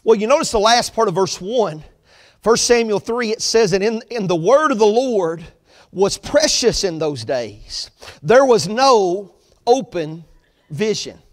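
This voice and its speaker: A man preaching an earnest sermon as pastor of his church, repeating his points in a steady preaching cadence. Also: high-pitched, measured pace, in a large hall. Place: church sanctuary.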